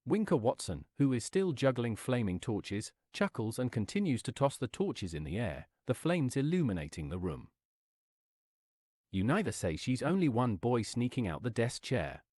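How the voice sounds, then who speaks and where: Brief: male storyteller, mid-pitched, very animated swooping delivery, dry close sound. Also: normal speed, no room sound. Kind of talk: reading an interactive adventure story.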